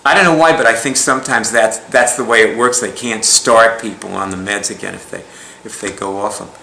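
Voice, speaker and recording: A man's voice: lowish voice, steady tone, brisk, vocal fry, bright, forceful tone, slight background noise. A man telling a story in a casual, rambling way, chuckling often and restarting his sentences. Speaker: speaker recounting a client story. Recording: echoey room.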